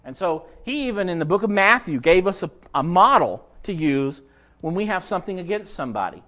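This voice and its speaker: Preacher, high bright voice that swings a lot, plainspoken and direct with the congregation. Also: male voice, very animated, fairly quick. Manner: conversational, addresses listeners directly. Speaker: pastor. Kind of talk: sermon.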